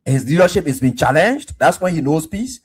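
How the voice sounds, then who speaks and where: A man runs a call-in radio show, his voice sitting high. He talks in a hurried, fired-up rush, cutting callers short and driving his points hard. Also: expressive, breathy edge. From Liberia. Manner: fast, pushy, fired up.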